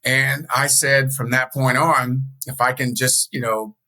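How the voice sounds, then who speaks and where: A man guesting on an interview show as a speaker and coach, telling personal stories in a casual, animated way. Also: unhurried, rough recording. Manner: animated storyteller, jumps higher when quoting others.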